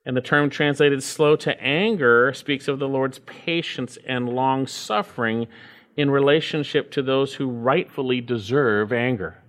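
A man's voice: medium pitch, a little slow, fairly bright tone. A man preaching a sermon, reading scripture aloud and stressing key phrases by repeating them. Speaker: pastor.

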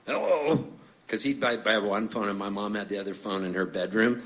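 A man's voice: on the low side, steady tone, brisk, a bit bright. A middle-aged man from Canada, a singer-songwriter telling stories between songs on stage, chatty and jokey, acting out the voices of people in his tales. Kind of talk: storytelling stage banter.

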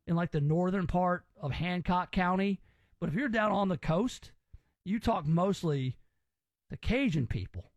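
High-voiced opinionated man. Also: a little mellow, no room sound. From Southern US. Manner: opinionated and rambling. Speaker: podcast host. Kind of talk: casual chat.

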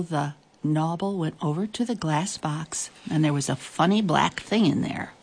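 Breathy woman reading a children's story. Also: low-pitched. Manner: expressive, slow and deliberate.

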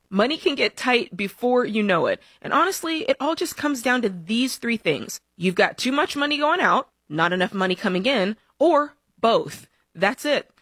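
Bright, bouncy female ad reader. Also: on the high side, no room sound, studio quality. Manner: upbeat, chatty. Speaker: radio personality reading an ad. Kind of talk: friendly conversational ad read.

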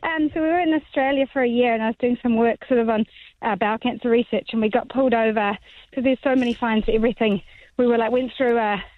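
A woman's voice: on the high side, fast talker, no room sound. A woman calling in to a radio show and telling a story in a chatty way, acting out what people said. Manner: chatty storyteller, acts out quotes. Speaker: caller. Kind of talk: phone-in story. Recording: tinny phone line.

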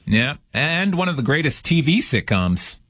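A male radio host chatting casually with callers, his pitch swinging freely as he jokes. The studio sound is dry and close. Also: very animated, moderate pace, a bit bright, no echo.

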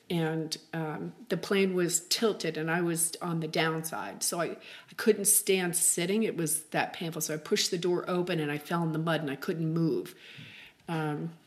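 Low-voiced woman telling a story. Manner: halting, chatty, many fillers and restarts. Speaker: interview guest. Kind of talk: personal storytelling.

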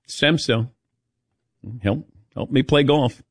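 Sports radio host, male, animated storyteller, dry studio sound. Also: on the high side, takes it slowly, pauses often, dry recording. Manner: animated storyteller, acts out quotes. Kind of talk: casual sports radio chat.

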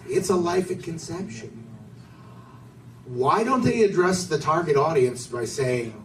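A man's voice: a little high, animated, a little slow. A man doing a stand-up comedy set with a dry, sardonic delivery. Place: comedy club stage. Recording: distant, roomy club recording with a noisy crowd.

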